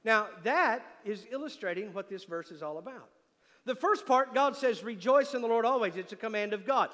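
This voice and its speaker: High-voiced man preaching in an echoey hall. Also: animated, normal speed, fairly bright tone. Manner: emphatic preaching, asks the congregation "Amen?". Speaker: pastor. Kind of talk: sermon with live demonstration. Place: church sanctuary.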